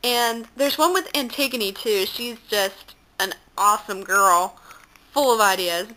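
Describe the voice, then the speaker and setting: A woman's voice: medium pitch, a little slow, sharp tone, a little hiss or hum, poor audio. A teenage girl chatting to a handheld camera held close up at home, telling giggly anecdotes. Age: late teens. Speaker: vlogger. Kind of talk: casual chat.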